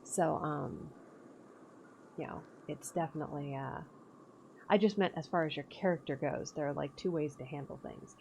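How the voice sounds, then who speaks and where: A woman's voice: deep voice, moderate pace, gravelly, darkish tone, a little hiss or hum. A woman streamer chatting casually over gameplay, laughing often and swearing freely. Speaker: game streamer.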